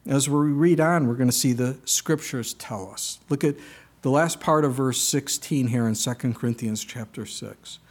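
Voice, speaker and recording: A man in the middle of a sermon, talking to his congregation in a plain, conversational way. His voice sits at an ordinary middle pitch, and he reads scripture aloud, now and then breaking into animated exclamations. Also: moderate pace. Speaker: pastor.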